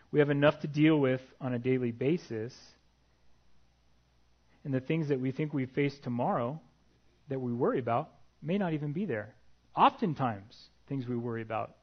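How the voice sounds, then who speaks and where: Male preacher, mid-pitched, earnest sermon delivery, dull lo-fi recording. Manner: earnest, reads scripture aloud, light asides.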